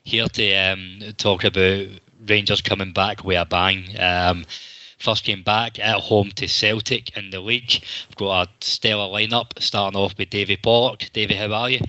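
Bright-toned man hosting a podcast. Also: lowish voice, fairly even intonation, moderate pace, no echo, dull audio. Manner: chatty, jokey, swears freely. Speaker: podcast host. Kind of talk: casual football podcast chat.

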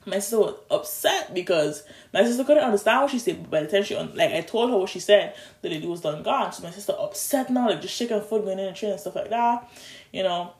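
A young adult, telling a long story in a casual, animated way, with restarts and stumbles, recorded on a phone. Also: mid-range voice, quick pace, reverberant. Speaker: vlogger.

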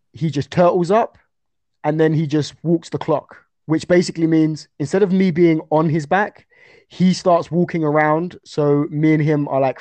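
A man's voice: fairly high pitch, no room sound. Storytelling guy, dry mic. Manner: animated storytelling with restarts. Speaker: guest fighter. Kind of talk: casual podcast chat.

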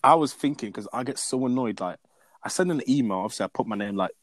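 A young man in casual chat, animated and repeating words as he rants. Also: mid-range voice, fast, no room sound. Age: young adult.

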